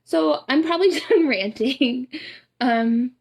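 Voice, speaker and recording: A young adult woman with a Southern US accent and a raised voice with a gravelly, fry-laced edge. She talks straight to camera on a live stream, blunt and profane, piling up emphatic questions and rants as she cheers her viewers on. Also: high voice, slow, darkish tone. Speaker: boudoir photographer and empowerment coach. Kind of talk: casual live-stream pep talk.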